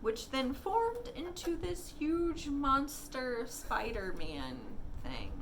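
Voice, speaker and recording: A higher-voiced woman rants about a movie with a co-host, her pitch leaping all over as she swears and laughs her way through the story. She is recorded at home, with clear noise underneath her voice. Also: slow pace, poor audio. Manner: animated, swearing, laughing often. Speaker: podcast co-host. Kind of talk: casual movie-rant chat.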